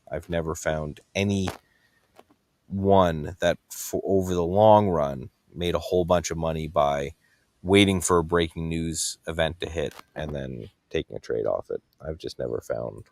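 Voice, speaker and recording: A man's voice: low-pitched, normal speed, vocal fry, a little mellow. A man giving casual live trading commentary, thinking aloud as he scans charts. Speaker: guest trading host.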